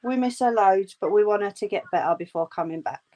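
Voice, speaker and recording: Fairly quick and dark-toned, this mid-range female voice comes from a woman chatting during a home crochet livestream. She answers viewers' comments, keeps things reassuring and homely, and calls them "love."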